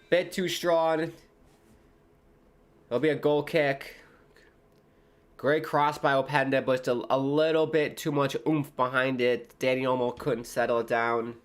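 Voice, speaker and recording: A man's voice: mid-range voice, little pitch movement, a little slow, pauses often. A man from the United States hosting a live football watchalong, giving casual commentary that drifts into rambling side chats. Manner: chatty and rambling, jumping between match calls and tangents. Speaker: livestream host.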